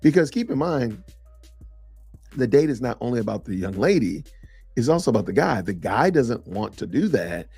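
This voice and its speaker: A man's voice: medium pitch, sing-song, moderate pace, gravelly, a little mellow, husky, faint music behind. A middle-aged man hosting a casual live-stream podcast, chatting loosely and reacting to viewer comments. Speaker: podcast host.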